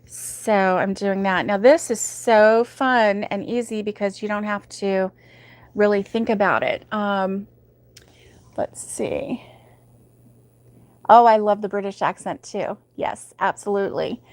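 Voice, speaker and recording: A woman chats casually on a crochet livestream at home, answering viewers with frequent ums and little laughs. Her voice sits at an ordinary middle pitch, close to a dry, dead-sounding mic. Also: steady tone, slow pace, no room sound. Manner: chatty and giggly, with many ums. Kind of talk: casual livestream chat reading viewer comments.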